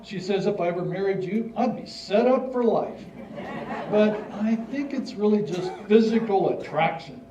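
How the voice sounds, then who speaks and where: A man's voice: high-pitched, animated, moderate pace, dark tone, distant mic, a little hiss or hum. An older man in a staged reading, playing an earnest, slightly formal schoolboy writing letters. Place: stage in a hall. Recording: dull, roomy hall recording from afar.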